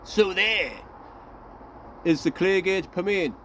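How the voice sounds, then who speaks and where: A man with a high voice chats away outdoors on his allotment, rambling off topic and chuckling at himself as he talks to his viewers. Faint outdoor noise and the odd passing vehicle sit behind him. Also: slow pace, fairly bright tone. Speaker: allotment gardening vlogger. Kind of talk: casual chat to camera.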